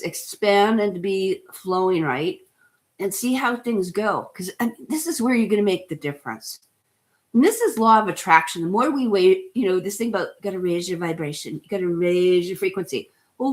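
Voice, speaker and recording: A middle-aged woman talks casually about wellness as the host. She is chatty and enthusiastic and keeps checking in with "right?". Her voice sits in an ordinary middle range. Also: mid-range voice. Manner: chatty, enthusiastic, rambling with frequent "you know" and "right?".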